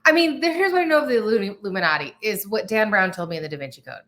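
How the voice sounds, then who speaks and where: A woman's voice: mid-range voice, lively intonation, very fast, fairly bright tone. A woman, a guest on a casual chat over a video call, playfully joking along. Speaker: podcast guest.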